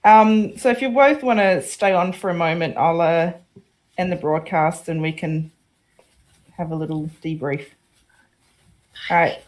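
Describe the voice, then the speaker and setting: A woman hosts a web panel over a video call and speaks in an unhurried, easygoing way. Her voice sits on the low side, and she drops in lots of short acknowledgements. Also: darkish tone, rough recording. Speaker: host.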